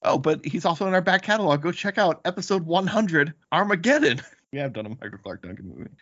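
A man's voice: a little high, very animated, fast, fairly bright tone, dry recording, dull audio. A man hosting a casual movie podcast, joking and boasting playfully with his brothers. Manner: playful, boastful banter with laughs. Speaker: podcast host.

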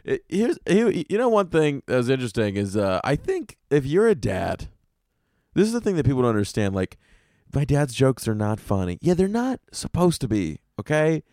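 A man hosting a comedy podcast, ranting in an animated, profane way. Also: on the high side, moderate pace, no room sound, studio quality. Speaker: podcast host.

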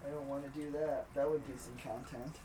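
A man's voice: medium pitch, fairly even intonation, brisk, recorded from a distance, heavy background noise. A man co-hosting a podcast, chatting casually in a crude, profane, teasing way in an indoor room. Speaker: podcast co-host. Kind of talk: casual joking chat.

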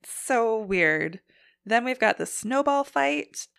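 A woman's voice: a little high, takes it slowly, vocal fry, clean tone, dry recording, clean studio sound. Chatty woman recapping reality TV. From Canada. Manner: animated, acts out quotes loudly. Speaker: podcast co-host. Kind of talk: casual recap chat.

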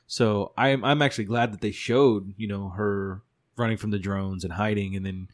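A man co-hosts a casual recap podcast. His voice is a little low, and he rambles along while recounting scenes. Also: steady tone, normal speed. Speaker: podcast co-host. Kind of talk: casual chat.

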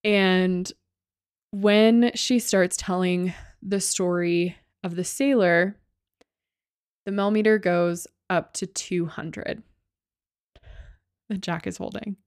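A woman's voice: fairly low pitch, steady tone, takes it slowly, long pauses, clean tone, no echo. A woman co-hosting a podcast, casually retelling a ghost-hunting show with lots of "like" and the odd curse, on a close mic. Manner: loose, sweary storytelling with many likes. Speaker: podcast co-host.

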